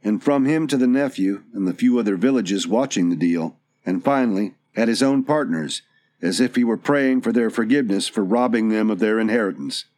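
A man narrating an audiobook in a steady, even storytelling manner. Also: on the low side, fairly quick.

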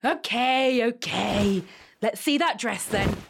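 An actress voicing a cheeky, bossy non-human sidekick in a fantasy audio drama. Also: female voice, fairly high pitch, slow, gravelly, background noise. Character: cheeky non-human female fairy helper.

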